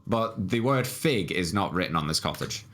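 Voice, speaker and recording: Man in a casual game stream, lower voice, reads on-screen text, hesitant fillers. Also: expressive, normal speed, a bit bright. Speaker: game player on a live stream.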